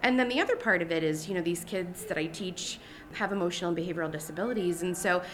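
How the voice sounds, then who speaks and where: A woman's voice: lowish voice, quick pace. A woman teacher answering interview questions in an earnest, upbeat way. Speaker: regional teacher of the year guest.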